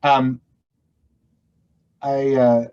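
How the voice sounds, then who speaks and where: In dull lo-fi audio, a middle-aged actor from Canada's West Coast rambles through a casual interview as a guest, self-deprecating and restarting often. His medium-pitched voice is smooth and somewhat dark, with a level tone, and he speaks extremely slowly.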